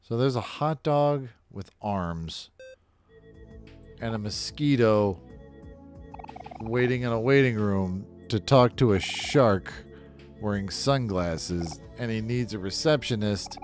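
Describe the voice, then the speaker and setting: A man's voice: fairly low pitch, slow, soft background music. A man casually commentating his own game playthrough, rambling and swearing freely as he gives blunt opinions. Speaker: gaming video host. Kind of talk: casual let's-play commentary.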